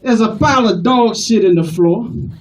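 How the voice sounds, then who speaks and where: A man's voice: sits high, very animated, normal speed. A comedian voicing a passionate, profane male caller who rambles through a story before getting to his complaint. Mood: exasperated. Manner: long-winded, swearing storyteller. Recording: distant live club recording with crowd noise.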